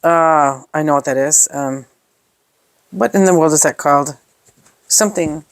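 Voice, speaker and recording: A woman's voice: low voice, unhurried, no room sound. A woman chatting through an unboxing of scrapbooking supplies, gushing over each piece and thinking aloud with fillers. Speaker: scrapbooking product reviewer. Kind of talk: casual unboxing show-and-tell.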